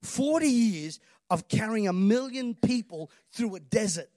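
A pastor preaches with emphatic energy and keeps calling on the congregation to answer him. His voice sits notably high for a man, and the recording is close and dry, with little room sound. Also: expressive, measured pace, warm tone, no echo. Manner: emphatic preaching, calls for audience response. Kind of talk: sermon.

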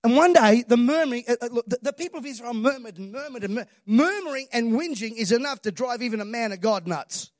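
High-voiced preacher, dry sound. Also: male voice, animated, fast, few pauses, no room sound. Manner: emphatic preaching, calls for audience response. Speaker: pastor. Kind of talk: sermon.

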